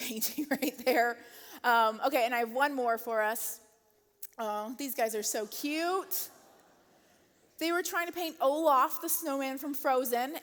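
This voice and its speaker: A woman's voice: sits high, fairly bright tone. Chatty woman preaching in a reverberant hall. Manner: chatty, laughs often, many "um" and "like". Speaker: church speaker. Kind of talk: casual sermon talk. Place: church auditorium.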